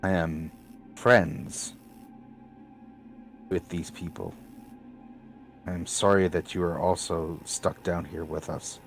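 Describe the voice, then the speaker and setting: Man reading an earnest, socially awkward woman fighter: deep, stiff, formal phrasing. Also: fairly even intonation, slow, pauses often, soft background music. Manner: formal, stilted and plain-spoken.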